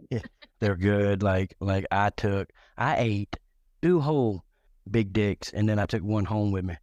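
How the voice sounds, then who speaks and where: Low-voiced rambling middle-aged man. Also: slow pace, darkish tone, dry recording. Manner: rambling, with many restarts and repeated words; crude, joking humor. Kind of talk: casual storytelling on a live talk show.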